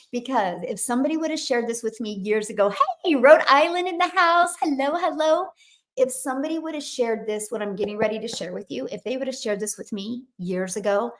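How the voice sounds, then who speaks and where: An energetic woman in her fifties is hosting a live stream in a casual, chatty way. Her voice sits high, and she keeps it lively as she greets viewers by name and talks straight to them. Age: 50s. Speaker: livestream host.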